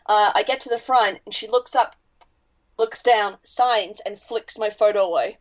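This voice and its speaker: A woman's voice: medium pitch, normal speed. A woman co-hosting a podcast, telling stories in a chatty way and swearing freely. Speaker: podcast co-host. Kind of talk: casual podcast chat. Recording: dull lo-fi sound.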